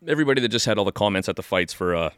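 Fast-talking low-voiced man, casual podcast chat. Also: animated, fairly bright tone, clear, resonant tone, no room sound, clean studio sound. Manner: rambling, enthusiastic, full of fillers and restarts. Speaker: podcast co-host. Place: studio.

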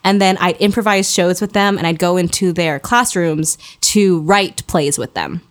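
A young woman chatting casually as a podcast guest, bubbly and quick to laugh. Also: fairly low pitch. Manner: bubbly, laughs often, animated. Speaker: guest actor.

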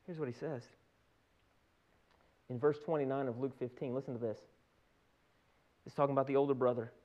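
A man's voice: mid-range voice, steady tone, a little fast. A male pastor teaching in an earnest sermon, often repeating words as he builds a point. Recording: dull lo-fi sound.

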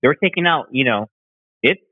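A man's voice: mid-range voice, lively intonation, normal speed, no echo. A man calling in to a talk show, ranting in a heated, profane, slangy way. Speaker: caller. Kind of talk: casual phone chat. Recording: tinny phone line.

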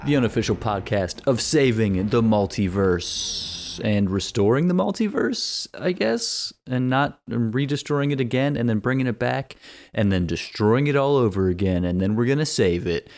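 A man's voice: medium pitch, lively intonation, moderate pace, darkish tone. A man hosting a casual podcast, giving upbeat, rambling introductions. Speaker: podcast host.

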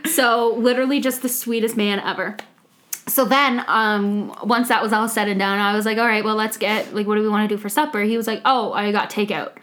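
A woman's voice: medium pitch, steady tone, fairly quick, a bit bright. A young woman co-hosting a podcast, chatting casually and gushing through a story, acting out what people said. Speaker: podcast co-host. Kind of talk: casual chat.

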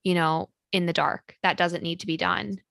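A woman's voice: on the low side, steady tone, normal speed, gravelly, a bit bright, no room sound. A woman hosting a podcast, chatting casually in a practical, filler-heavy way. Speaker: podcast host. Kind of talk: casual chat.

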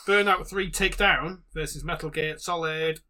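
A man's voice: fairly high pitch, steady tone, normal speed, slight background noise. A man hosting a casual podcast, reading out a list of match-ups and joking with his co-hosts, laughing often. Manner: jokey, laughs often, bursts into loud shouts. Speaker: podcast host. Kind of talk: casual chat, reading out a game bracket.

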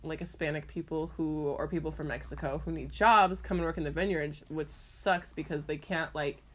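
Low-voiced young woman, rambling chat. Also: steady tone, moderate pace, fairly bright tone. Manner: rambling, lots of "like" and "um"; sincere, frustrated about unfairness. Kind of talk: casual chat.

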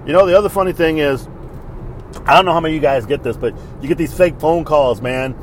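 A middle-aged man hosts his podcast in a casual, fired-up rant, blunt and full of swearing. His voice sits a little high for a man. A faint hiss of noise runs underneath. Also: fast. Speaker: podcast host. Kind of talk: casual ranting monologue.

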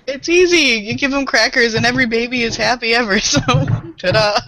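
A woman's voice: a little high, brisk, crowd noise, poor audio. A woman who works with small children, chatting casually on a podcast and laughing often at herself. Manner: laughs often, playful and self-mocking. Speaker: early childhood educator, podcast guest.

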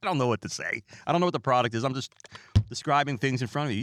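A man's voice: medium pitch, animated, fast talker, a bit bright, no room sound, studio quality. A man hosting a podcast, telling stories in a rambling, chatty way with asides to listeners. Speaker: podcast host. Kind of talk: casual comedic storytelling.

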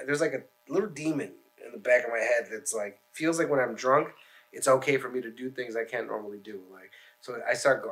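A man's voice: medium pitch, fairly bright tone. A man on a podcast telling long, rambling, profane stories in casual chat.

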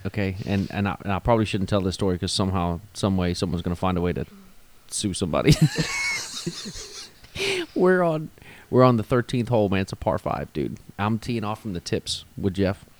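A man co-hosting a podcast, telling stories in a casual, animated way and laughing often. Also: low-pitched, fairly quick. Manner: animated, laughs while telling stories, says "dude" a lot. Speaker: podcast co-host. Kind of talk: casual storytelling chat.

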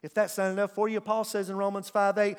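A man's voice: sits high, completely flat delivery, fast, clean tone. A man preaching a sermon as pastor, emphatic and calling on the congregation to answer him. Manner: emphatic, calls on the congregation to respond. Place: church sanctuary. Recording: long church hall reverb.

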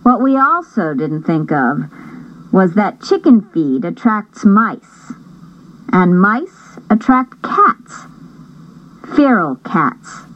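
A woman reading a first-person novel aloud as an audiobook narrator, in a measured storytelling manner. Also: medium pitch, very animated, fairly bright tone, dull audio.

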